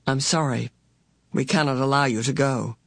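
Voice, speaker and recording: Woman reading a calm stern old spirit lady, cool and measured, dry close sound. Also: sits low, no room sound. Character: ancient otherworldly female being, stern yet gentle.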